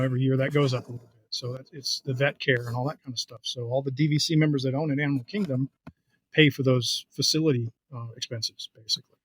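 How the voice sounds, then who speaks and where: A man chatting on a podcast, explaining things with halting restarts and filler words. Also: mid-range voice, a bit bright, slightly rough. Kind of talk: casual chat.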